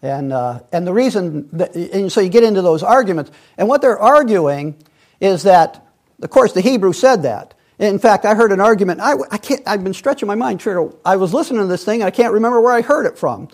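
A man's voice: high-pitched, lively intonation, brisk. A man leading a Bible study, rambling and digressive, with many restarts and fillers. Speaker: Bible teacher.

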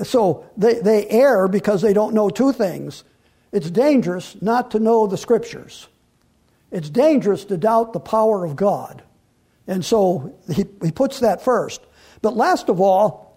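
A man preaching a verse-by-verse Bible sermon in a conversational way, often restarting his sentences and slowing down to stress the scripture he quotes. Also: high voice, warm tone, slightly rough. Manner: conversational, with frequent restarts and fillers. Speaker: pastor.

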